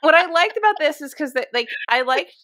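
A woman's voice: high voice, animated, brisk, fairly bright tone, dry recording. A woman co-hosting a book podcast in casual chat, candid and swearing freely, often laughing. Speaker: podcast co-host.

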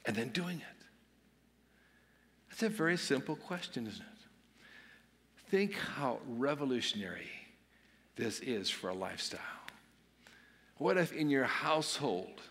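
Pastor guy giving a sermon, middle pitch, echoey church hall, earnest and emphatic. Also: a bit bright. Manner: earnest, emphatic preaching with dramatic dips and swells. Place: church sanctuary. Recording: long reverb of a church hall.

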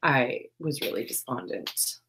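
A woman's voice: extremely low pitch, steady tone, a little slow, creaky, pushed and bright, a little hiss or hum. A woman, hosting a crafting livestream from her home craft room, chatting casually and self-deprecatingly while reading the chat aloud.

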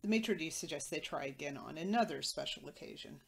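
A woman's voice: low voice, lively intonation, a little fast, creaky, a little hiss or hum. A woman podcast host recapping a TV episode in a matter-of-fact way with wry asides.

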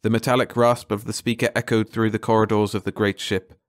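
A male audiobook narrator with a low voice reads a short story in a measured, dramatic manner. The recording is close and dry, with no room sound. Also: level tone, no echo.

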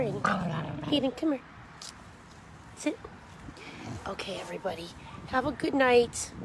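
High-voiced woman doing sweet baby talk to her dogs outside, faint noise behind. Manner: coaxing baby talk to dogs, calling and cheering. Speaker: dog rescue volunteer. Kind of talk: live stream talking to dogs. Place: backyard outdoors.

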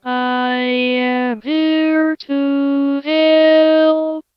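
A man voicing a gentle heavenly woman who speaks very slowly and soothingly. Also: extremely high pitch, level tone, muffled recording, over loud music, pitched above the performer's own voice, heavily acted. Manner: very slow, soothing. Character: gentle, high, slow-speaking heavenly female helper.

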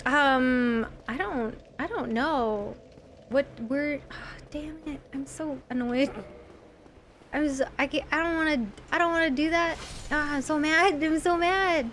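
A woman with a high, light voice streams a video game live and chats to her viewers between moves. She shrieks and squeals whenever enemies jump out at her. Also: measured pace, fairly bright tone, a little hiss or hum. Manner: talks to viewers in chat. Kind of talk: live gameplay commentary.

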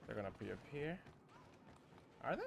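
A young man streaming a shooter game live, commenting excitedly and trash-talking the other players. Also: medium pitch, normal speed, gravelly, noisy background.

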